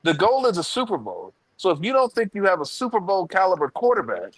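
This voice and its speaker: A man's voice: sits high, huge pitch swings, fairly quick, fairly bright tone, breathy edge, no room sound, poor audio. A man on a sports talk panel, laying out his argument point by point in a casual debate. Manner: argumentative, lays out points step by step. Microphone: remote streaming call.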